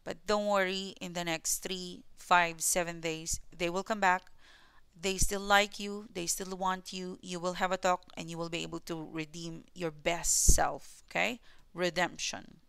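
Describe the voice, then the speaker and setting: A woman's voice: on the low side, fairly even intonation, moderate pace, vocal fry, bright, forceful tone, smooth, no room sound. A woman with a mixed Filipino and New Zealand accent, giving a tarot reading to viewers in a repetitive, reassuring way. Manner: repetitive and reassuring, often adding "okay?". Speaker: tarot reader.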